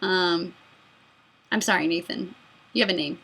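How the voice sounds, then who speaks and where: A woman in her mid-twenties hosting a casual fan Q&A, excitable and giggly, rambling between answers. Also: fairly low pitch, unhurried, gravelly, pauses often, breathy edge. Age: mid-20s. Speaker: YouTube host answering fan questions. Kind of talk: casual Q&A chat.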